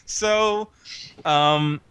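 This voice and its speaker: A man's voice: fairly high pitch, drawn-out words, a bit bright, clear, resonant tone. A man running a tabletop role-playing game, narrating casually with frequent fillers and chuckles. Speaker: game master.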